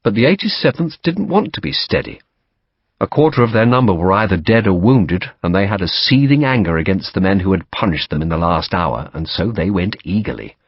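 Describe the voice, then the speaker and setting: A man reading a novel aloud as audiobook narration, steady and dramatic. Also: low-pitched, fairly quick, no room sound, lo-fi sound.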